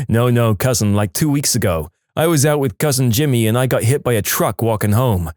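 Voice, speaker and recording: A man's voice: mid-range voice, a little fast, a little mellow, dry recording, clean studio sound, close to an everyday voice. A man voicing a chatty, folksy man who is a cousin, in a homespun way.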